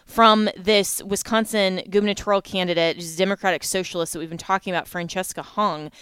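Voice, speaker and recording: A woman's voice: mid-range voice, fairly even intonation, fairly quick, a bit bright, smooth, dry recording, studio quality. A woman hosting a talk show, earnest and pointed as she questions her guest.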